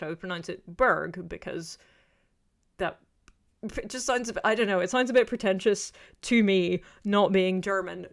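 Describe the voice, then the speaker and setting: A woman chatting casually on a livestream, reading chat and rambling off on tangents in a self-deprecating way. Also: lowish voice. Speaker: YouTuber reading live chat.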